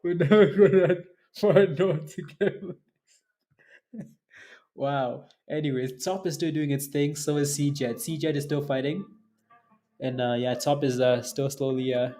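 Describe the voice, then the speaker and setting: In a relaxed livestream about day trading, a man jokes around, laughs frequently and trades banter with viewers and his phone's assistant. He speaks at a measured pace in a slightly high, mellow voice.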